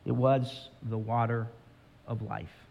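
A man's voice: mid-range voice, level tone, slow, vocal fry, dull audio, a little hiss or hum. A male pastor delivers a sermon, retelling a story with dramatic emphasis and turning often to address his listeners. His voice sits in a middle range. A large hall adds a long, lingering reverb.

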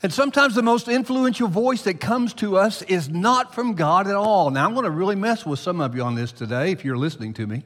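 Animated preaching man in a reverberant hall. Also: fairly quick, few pauses. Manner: animated preaching, rising loud for emphasis then dropping low. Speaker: pastor. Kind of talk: sermon.

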